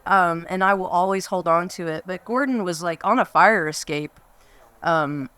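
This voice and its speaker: A woman's voice: on the low side, normal speed, fairly bright tone, clean tone. A woman in her fifties giving a fond, rambling reminiscence at a memorial gathering. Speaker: memorial speaker. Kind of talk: reminiscing speech.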